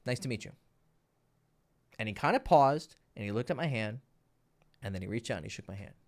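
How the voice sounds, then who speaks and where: A man, a dating coach, telling a story casually, animated, laughing and swearing freely. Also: fairly low pitch, fast talker.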